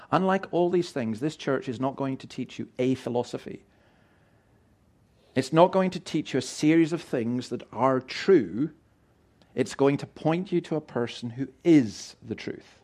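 A man's voice: mid-range voice, expressive, measured pace, mellow. A middle-aged man preaching a sermon in an earnest, emphatic way, often restarting and repeating words. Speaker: pastor.

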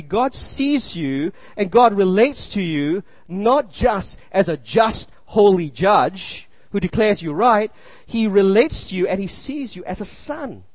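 A man's voice: high voice, no echo. A man in his thirties preaching a sermon, earnest and repetitive, often asking his listeners "you see?". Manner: earnest, repeats phrases, asks the room "you see?". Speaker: pastor.

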